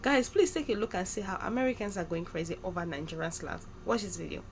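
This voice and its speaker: A woman's voice: medium pitch, lively intonation, quick pace, rough recording. A woman hosting her own channel, chatting casually and acting out slang phrases playfully. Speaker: channel host. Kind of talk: casual vlog commentary.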